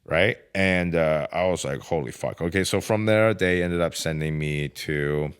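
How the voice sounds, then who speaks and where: A man as a podcast guest, telling his own story in a casual, animated way, swearing often and saying "dude" and "bro.". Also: deep voice, unhurried, clean tone. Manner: profane, animated, lots of filler like "dude" and "bro".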